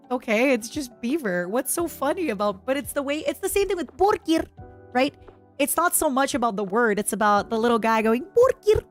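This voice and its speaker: A young woman from Canada chatting casually on a livestream, giggly and given to high squeals and snatches of song. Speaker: streamer.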